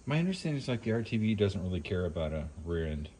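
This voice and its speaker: A man's voice: low voice, sing-song, quick pace, dark tone, slightly rough. A man chatting and joking while watching a car repair in a garage. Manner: joking, chatty, asks questions. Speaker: channel host filming car repair. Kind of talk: casual chat in a garage. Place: garage or driveway, working on a car.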